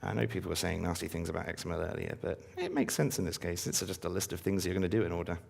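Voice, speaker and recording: A man's voice: sits low, quick pace, gravelly. A man giving a casual live-coding talk to a conference audience, full of ums and uhs. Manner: casual, filler-heavy, upbeat when engaging audience. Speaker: conference speaker.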